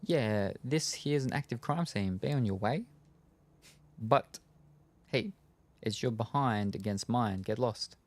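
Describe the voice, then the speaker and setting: Give me a man doing a gravelly, brusque vampire informant from a video game. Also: mid-range voice, slow pace, pauses often. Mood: gruff. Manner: brusque, teasing. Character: gruff streetwise male vampire informant.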